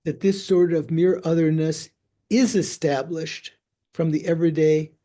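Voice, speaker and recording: An older man, a Buddhist teacher, discussing a philosophical text with a student in a halting way, often repeating words while he thinks. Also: fairly high pitch, fairly even intonation, warm tone.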